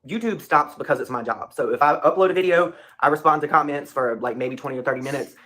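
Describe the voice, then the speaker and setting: A man's voice: fairly high pitch, quick pace, pushed and bright. A man speaking off the cuff as a commentary YouTuber, emphatic and repeating his points. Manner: casual, emphatic, repeats himself.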